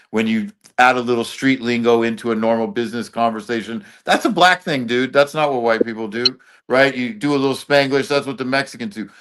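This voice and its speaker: A man talking as an interview guest, at an ordinary middle pitch. He speaks loosely and bluntly, leaning on street slang and cursing freely in casual chat. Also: a bit bright.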